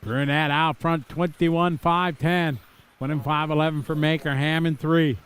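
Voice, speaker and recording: A middle-aged man from Wisconsin calls a live race in a somewhat high-pitched voice. He drifts into chatty, nostalgic asides between the position updates, then snaps back to the running order. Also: fairly even intonation, a little slow, a bit bright, smooth. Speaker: race commentator.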